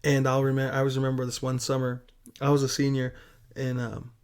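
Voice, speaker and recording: A young man telling a story in a casual podcast chat, swearing often and animated as he tells it. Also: medium pitch, fairly quick, smooth. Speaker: podcast guest.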